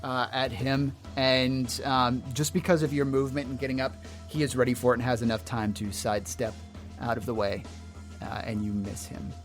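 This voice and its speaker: A man running a tabletop game in an easygoing, hesitant way, pausing with fillers as he works out rulings. His pitch sits in the middle range for a man, and faint music plays behind him. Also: fairly even intonation. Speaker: game master.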